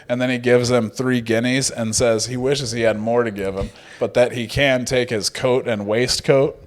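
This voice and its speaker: A man's voice: medium pitch, normal speed, hardly any pauses. A man, co-hosting a podcast in casual, jokey, swearing chat. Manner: jokey, swearing, animated retelling. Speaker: podcast co-host.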